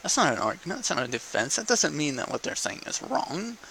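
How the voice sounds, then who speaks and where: A man's voice: on the high side, very animated, a little fast, creaky, sharp tone, low-quality recording. A young man in a casual, profane political rant to camera, asking "okay?" between points. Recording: faint background noise.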